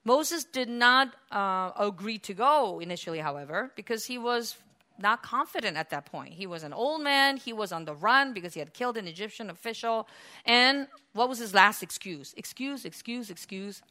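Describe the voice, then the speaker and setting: A woman preaches a sermon in an animated, storytelling way. She poses questions and answers them herself, with a bright, sharp voice. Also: medium pitch, moderate pace.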